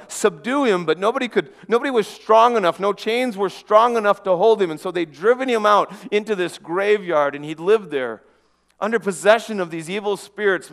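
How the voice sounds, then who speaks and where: High-voiced man telling a story in a church. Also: long reverb tail. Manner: earnest, with frequent restarts and dramatic hushes. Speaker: preacher in a first-person monologue. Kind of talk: dramatic first-person storytelling.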